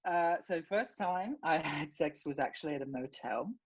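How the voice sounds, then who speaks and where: A woman's voice: sits low, moderate pace, husky. A woman playing a bumbling male sex expert obsessed with rats, rambling and hesitant in a put-on British accent that slips, heard over a video call. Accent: put-on British, slipping. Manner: rambling, hesitant, absurd deadpan boasts. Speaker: guest. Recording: dull lo-fi video call audio.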